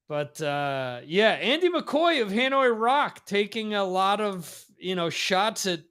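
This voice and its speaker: Male host, loose rambling chatter, lots of ums, somewhat higher voice. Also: a bit bright, smooth. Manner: rambling, laughs often, many fillers. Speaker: podcast host. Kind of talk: casual chat. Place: lives in Spain.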